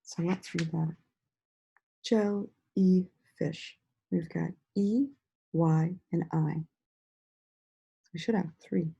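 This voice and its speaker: A woman teacher giving a slow, sing-song lesson to young children, stretching out words and praising them often. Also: on the low side, fairly even intonation, gravelly, dark tone, breathy edge, muffled recording. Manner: encouraging, drawn-out words with frequent praise.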